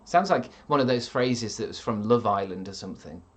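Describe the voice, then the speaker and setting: A man in his thirties talks casually to his stream chat. His delivery is deadpan and sardonic, full of offhand swearing and dry jokes told with a straight face. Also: on the low side, fairly quick. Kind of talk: casual chat reading viewer comments.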